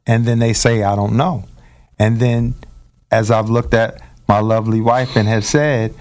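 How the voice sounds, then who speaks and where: A man's voice: fairly low pitch, little pitch movement, a little slow, a little mellow. A man, talking playfully in casual conversation, fond of elaborate phrasing. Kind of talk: casual talk.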